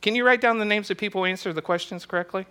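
Preacher, male, bright voice, tells jokes to a small church group, laughs easily. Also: high-pitched, rapid-fire, clear, resonant tone. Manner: chatty, joking, laughs easily. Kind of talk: casual joke-telling and church teaching.

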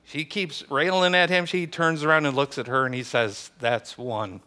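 A man preaching to a small church gathering, chatty and joking and quick to laugh. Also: fairly high pitch, a crowd in the background. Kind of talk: casual joke-telling and church teaching.

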